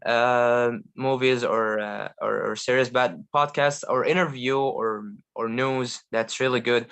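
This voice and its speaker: A man from Egypt talks with eager, earnest energy on a live video chat. His pitch sits in the middle range, and he stops often with fillers and restarts sentences as he goes. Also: fairly bright tone. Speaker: guest language learner. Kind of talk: casual chat on a live call.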